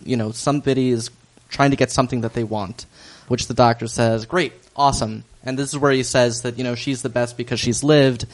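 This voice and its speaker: A man's voice: medium pitch, steady tone, brisk, low-quality recording. A man hosting a casual podcast chat, recapping a story with filler ums and easy chuckles. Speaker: podcast host recapping an episode.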